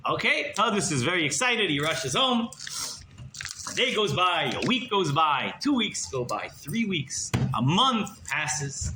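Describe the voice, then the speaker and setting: A male rabbi telling a story in a sermon, as an animated, dramatic storyteller, in an echoey room with background noise. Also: high-pitched, unhurried.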